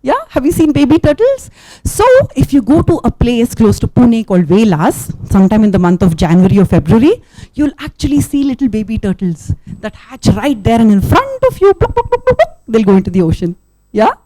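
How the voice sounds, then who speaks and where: Telling a story to children at a live event, a woman is animated, packs in sound effects, and keeps asking her audience questions. Her voice is a little high and brisk, with no room sound.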